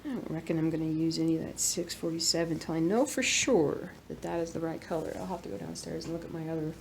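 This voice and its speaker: A woman in her thirties talks while she stitches, rambling gently and dropping to a murmur now and then. Her voice sits low with a gravelly edge. A faint hiss of room noise runs under it. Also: quick pace. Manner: soft-spoken, rambling, murmurs to herself while working. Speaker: cross-stitch vlogger. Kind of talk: relaxed stitch-along chat.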